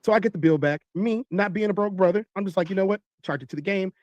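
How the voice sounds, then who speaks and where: A man telling a long story in animated style, acting out other people's voices. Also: sits high, fast talker, dry recording, lo-fi sound. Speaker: podcast host telling a story.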